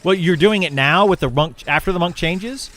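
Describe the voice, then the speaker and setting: A man's voice: high-pitched, normal speed, a bit bright. A young man streaming a game and chatting casually with viewers, rambling with lots of fillers and restarts. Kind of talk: casual livestream chat with viewers.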